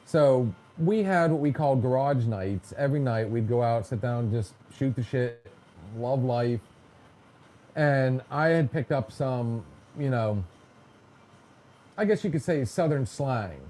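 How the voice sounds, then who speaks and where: A man's voice: mid-range voice, unhurried, dark tone, a little hiss or hum. A man hosting a casual podcast, telling stories in a chatty, joking way and mimicking other people in quotes. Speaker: podcast host. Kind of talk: casual storytelling chat.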